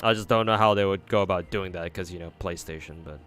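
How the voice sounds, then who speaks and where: Male streamer with a fairly low voice; loose, sweary, rambling gameplay chatter. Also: fast, a bit bright, soft background music. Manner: rambling, profane, frequent fillers and restarts. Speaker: game streamer. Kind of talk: casual gameplay commentary.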